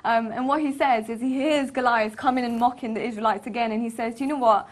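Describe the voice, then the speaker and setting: A woman co-hosting a relaxed chat about a Bible story, her voice sitting a little high for a woman. She breaks into small laughs often between phrases. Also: fast. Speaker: co-host. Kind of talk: casual Bible discussion.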